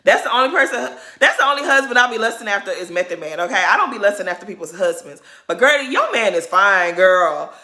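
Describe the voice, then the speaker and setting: A woman's voice: mid-range voice, expressive, fast talker, few pauses, sharp tone. A woman vlogger recapping a reality show in a sassy, gossipy way, laughing often. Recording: roomy echo.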